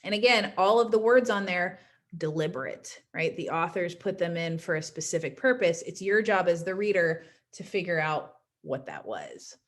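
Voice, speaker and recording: A lower-pitched woman teaches at a moderate pace in a relaxed, recorded class lecture. Chatty throughout, she keeps dropping "right?" tags to make sure her students are with her.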